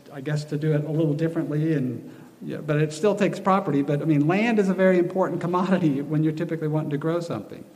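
Heard from far off in an echoey hall, a church class speaker gives a folksy teaching talk to a room. His voice is on the high side with a dark tone, and he rambles casually with many restarts.

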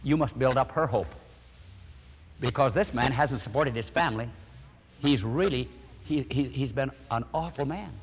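A man voicing a gentle, guiding male divine voice in a sermon story. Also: mid-range voice, moderate pace, long pauses, breathy edge, in a large hall. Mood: earnest.

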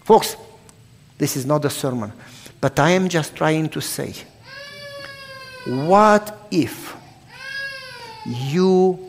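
A pastor in his sixties, his voice on the high side, delivers a sermon full of stories in which he loudly acts out both sides of the conversations with animation. The recording has a long hall reverb and a little hiss or hum.

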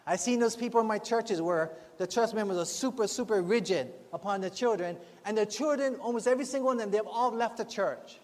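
A man's voice: high voice, a little fast, hardly any pauses, darkish tone. A man preaching a sermon in a church, earnest and conversational, often adding rhetorical asides to the congregation. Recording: long hall reverb, faint music behind.

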